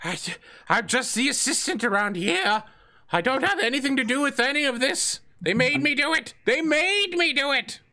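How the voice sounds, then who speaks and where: Man putting on a high, whiny old servant in a fantasy game, flustered and pleading. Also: animated, normal speed, bright, forceful tone, full character voice. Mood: panicked. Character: panicky frail old male assistant.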